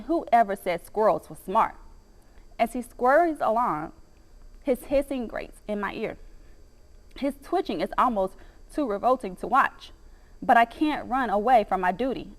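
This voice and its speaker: A woman reading a children's audiobook in an expressive, dramatic first-person storytelling manner. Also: on the high side. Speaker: narrator.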